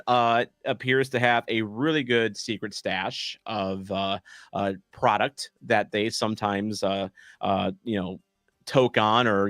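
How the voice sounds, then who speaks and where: A man's voice: on the low side, fairly bright tone, dry recording. Rambling self-joking man on a dry mic. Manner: rambling, self-deprecating, many fillers and restarts. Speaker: streamer hosting a soccer watch-along. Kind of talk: casual live-stream chat reading comments.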